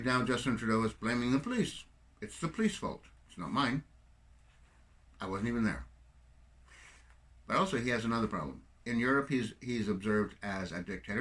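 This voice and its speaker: Rambling older Canadian man, low voice. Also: fairly bright tone. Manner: meandering, digressive, sarcastic. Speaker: political commentator. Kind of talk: rambling solo monologue.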